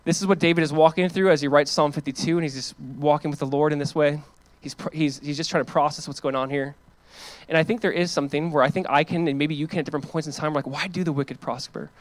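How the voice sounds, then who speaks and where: Pastor, male, earnest preaching, slightly high voice, dry close sound. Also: steady tone, fast talker, no room sound. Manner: earnest, emphatic preaching with casual asides. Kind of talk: sermon.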